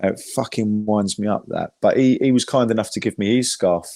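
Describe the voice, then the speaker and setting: A man with an English accent chats as a podcast guest, rambling through fan anecdotes and swearing freely. His voice sits fairly low. The sound is dry and close, with no room echo. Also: fairly quick, gravelly, darkish tone. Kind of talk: casual chat.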